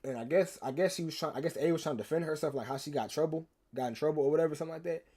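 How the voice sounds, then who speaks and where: A man's voice: a little high, rapid-fire, dark tone, husky. A young man, telling a rambling, slangy story to his stream chat and teasing viewers. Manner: rambling, slangy, repeats himself, teases chat.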